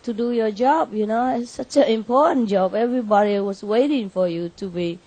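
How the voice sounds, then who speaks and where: A woman telling an animated story to an audience in non-native English, laughing often and lifting her voice for her own quoted words. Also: fairly high pitch, brisk. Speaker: spiritual teacher addressing an audience.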